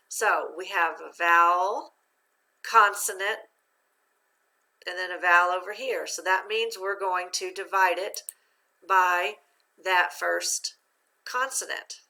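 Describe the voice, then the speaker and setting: A woman teacher giving a recorded phonics lesson, talking slowly and patiently and guiding her students step by step. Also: on the low side, creaky, bright, forceful tone.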